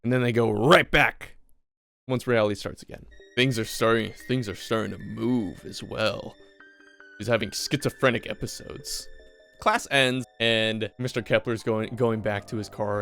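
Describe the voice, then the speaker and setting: A man's voice: fairly low pitch, normal speed, gravelly, soft background music. A man recapping a movie in a casual, joking, profane way. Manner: swearing, joking, animated.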